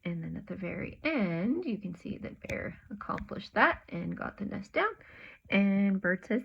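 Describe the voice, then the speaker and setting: A woman teacher giving a gentle lesson to children, dropping into soft whispers while she draws. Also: medium pitch, very animated, a little slow, vocal fry, breathy edge, highs cut off.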